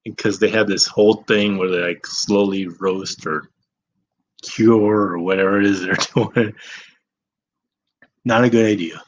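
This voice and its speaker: A young man with a fairly low voice tells a story casually, rambling and poking fun at himself. He swears freely and drifts through asides. Faint noise hums behind him. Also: steady tone, unhurried, long pauses, rough recording. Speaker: vlogger.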